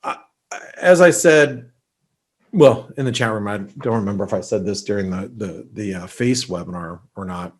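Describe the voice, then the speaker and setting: A man's voice: fairly low pitch, normal speed. A man hosting an unscripted market webinar, talking loosely with many fillers and restarts, somewhat congested from allergies. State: allergies, sneezy. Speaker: market analyst host.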